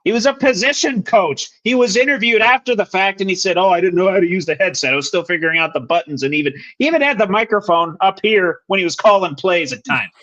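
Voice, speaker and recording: A man's voice: high-pitched, expressive, fast, hardly any pauses, fairly bright tone, lo-fi sound. A young man co-hosting a sports podcast, bluntly breaking down a football game in casual chat. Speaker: podcast co-host.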